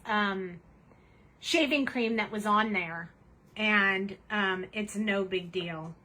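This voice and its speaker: A woman's voice: medium pitch, slow, bright, forceful tone, rough recording. A woman hosting a casual craft demonstration at her home desk, chatty and cheerful as she narrates each step. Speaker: craft tutorial host.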